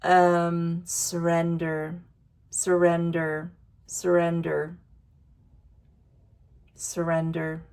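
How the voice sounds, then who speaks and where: A woman reading oracle cards aloud in a casual vlog, slow and emotional, sighing and interrupting herself. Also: fairly low pitch, completely flat delivery, a little mellow, smooth. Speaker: oracle card reader. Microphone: wireless earbuds.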